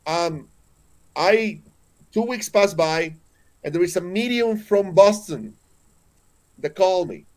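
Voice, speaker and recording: A Mexican-accented man in his forties speaks as an interview guest, pitched a little above most men. He tells spiritual stories earnestly and with emphasis, often stumbling and restarting his sentences. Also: lively intonation, slow pace, long pauses. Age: 40s.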